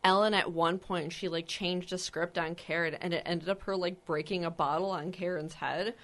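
A woman co-hosting a casual podcast, telling anecdotes in an animated way and swearing casually. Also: fairly low pitch, moderate pace, a crowd in the background. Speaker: podcast co-host. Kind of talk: casual film-commentary chat.

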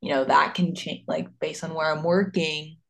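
A woman's voice: sits low, level tone, moderate pace, vocal fry, a bit bright. A woman in casual chat, hesitant and full of filler words, laughing easily.

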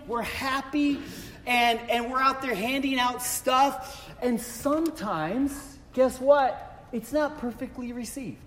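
A man preaching a sermon in a chatty, animated way, telling a story and asking rhetorical questions. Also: extremely high pitch. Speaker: pastor. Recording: long reverb of a hall.

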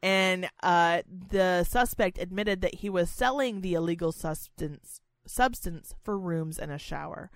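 A woman co-hosting a casual comedy podcast, telling a story with lots of swearing and loud acted-out quotes. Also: fairly low pitch, a little slow, few pauses, dry recording. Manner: profane, animated storytelling, loud put-on quotes. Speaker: podcast co-host.

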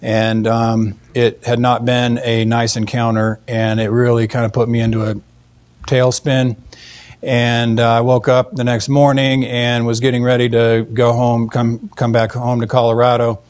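Guy telling a church testimony, flat even voice, earnest, lots of ums and restarts. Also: mid-range voice. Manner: earnest, halting, frequent fillers and restarts. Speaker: Christian speaker telling a testimony. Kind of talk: storytelling testimony.

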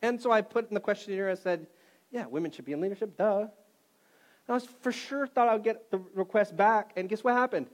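A middle-aged man preaching a sermon, telling a personal story in an animated way that swings between loud and quiet. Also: sits high, brisk. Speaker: pastor.

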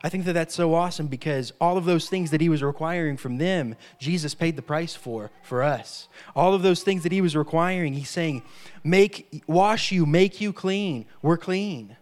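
Emphatic higher-voiced male preacher. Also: moderate pace, few pauses. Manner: emphatic, repeats key phrases, frequent "amen". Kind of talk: sermon.

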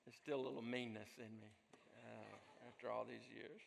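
A man preaching a sermon as pastor, speaking earnestly, building up and then dropping to a soft voice. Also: medium pitch, steady tone, moderate pace, creaky, a little hiss or hum. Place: church. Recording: long echo of a large hall.

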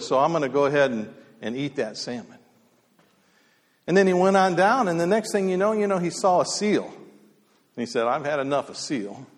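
A man telling folksy stories casually, with many fillers and restarts, in a halting, easygoing way. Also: fairly high pitch. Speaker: storyteller speaker. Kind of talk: casual spoken storytelling. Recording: long hall reverb.

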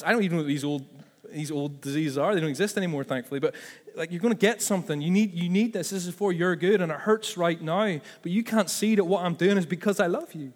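A man's voice: sits high, quick pace, long reverb tail. A man preaching a sermon as pastor, conversational and full of asides and self-corrections.

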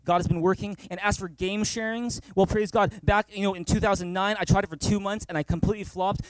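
A male pastor with a fairly high voice preaches with emphatic, repetitive phrasing and calls for amens. The sound is close and dry, with little room echo. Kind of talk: sermon. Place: church service.

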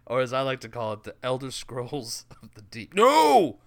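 A man's voice: medium pitch, a little fast, no echo. A man co-hosting a casual gaming chat, joking and laughing often. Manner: animated, laughs often, jokey asides. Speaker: podcast co-host.

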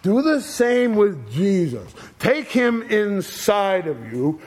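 A man preaching a sermon, slow and deliberate, with long pauses between short phrases. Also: high-pitched, big pitch swings, darkish tone.

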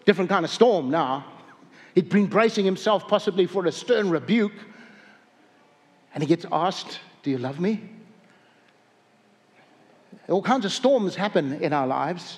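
A man with a high voice delivers a sermon in a hall where his words trail off in a long echo. He tells stories in a rambling, chatty way, restarting sentences and chuckling as he goes. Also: animated, normal speed. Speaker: pastor.

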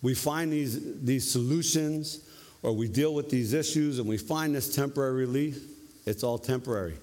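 A man's voice: mid-range voice, normal speed. Man preaching a sermon in an echoing hall. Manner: conversational, animated, tag questions. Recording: long reverb of a hall.

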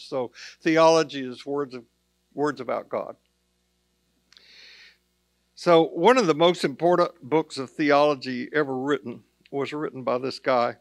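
A male pastor delivers a sermon in a relaxed, conversational way, turning to the listeners with casual asides. His voice sits a little higher than most men's. The sound is close and dry, with no room echo. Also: a little slow, pauses often. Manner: conversational preaching with plain asides.

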